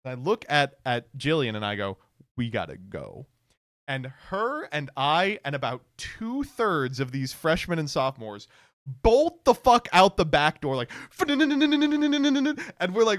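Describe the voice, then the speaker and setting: A young man telling a rambling story on a livestream, sarcastic and quick to laugh, jumping into quoted voices. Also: a little high, fairly bright tone, no room sound, studio quality. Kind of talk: casual storytelling on stream.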